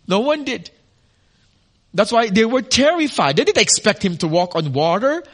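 Male pastor, high bright voice, expressive sermon with questions to the room. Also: normal speed. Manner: expressive preaching with rhetorical questions and audience asides.

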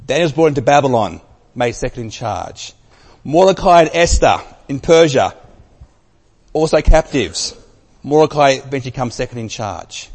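A man preaching a sermon, telling a story with emphasis and dropping from loud to very soft. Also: mid-range voice, animated, moderate pace. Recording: long reverb of a large hall.

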